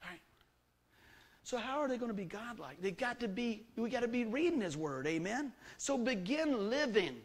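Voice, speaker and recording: A middle-aged man preaching, with a voice that sits high for a man. He talks to the congregation in a folksy, emphatic way and keeps asking them questions. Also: animated, normal speed, husky. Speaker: pastor. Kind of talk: sermon.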